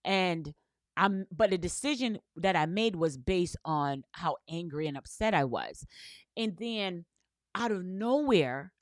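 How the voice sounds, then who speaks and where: A woman's voice: lowish voice, lively intonation, a little slow, dry recording. A woman business coach giving an earnest motivational talk, telling stories with repeated "right?" and spiritual language. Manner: earnest, repetitive storytelling with frequent "right?"; uses faith and spiritual language.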